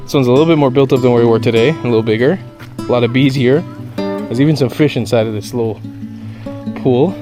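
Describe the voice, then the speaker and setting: Outdoors in the countryside, a young travel vlogger talks to his camera in a casual, candid way, swearing now and then, with music playing beneath his voice. He has a mid-range voice and a quick pace, pausing often.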